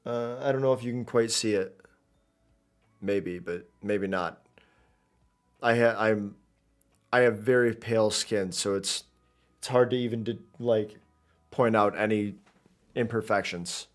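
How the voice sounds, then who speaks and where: A man's voice: fairly low pitch, unhurried, pauses often. A man giving casual, rambling commentary while streaming a game, chatty and self-interrupting, into a desk mic.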